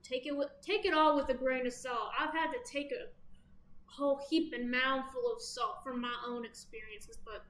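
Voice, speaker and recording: A woman with a Southern American accent gives a casual, chatty tarot reading, full of playful asides. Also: high-pitched. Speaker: tarot reader. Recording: echoey room with faint background noise.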